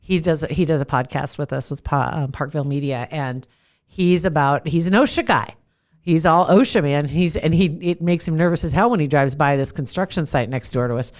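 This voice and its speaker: A woman's voice: sits low, brisk, a little mellow. A middle-aged woman with a Midwest American accent, co-hosting a podcast in a studio, chatty and laughing often. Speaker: podcast co-host. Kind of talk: casual chat.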